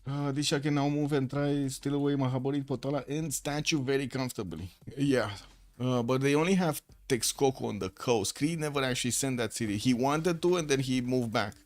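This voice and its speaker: A man commentates a strategy game match live, his voice sitting at an ordinary middle pitch. He thinks aloud as he goes, filling pauses and restarting sentences while he reads the board. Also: darkish tone. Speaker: esports caster.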